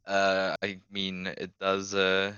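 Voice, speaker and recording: A laid-back male player with a dry wit, speaking low and flat. His voice is smooth yet bright in tone. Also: slow, dull audio. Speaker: professional player guest. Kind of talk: casual chat on a watch-party stream.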